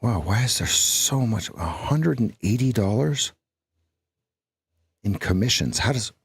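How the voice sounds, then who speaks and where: A man hosting a live trading stream, talking in an animated voice that swings freely up and down. He works through sums out loud and cracks jokes that he laughs at himself. The sound is close and dry, with no room around it. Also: lowish voice, unhurried, gravelly, slightly rough, no room sound. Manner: chatty, jokes at his own lines and laughs at them; thinks aloud while working out numbers. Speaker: trading coach and stream host.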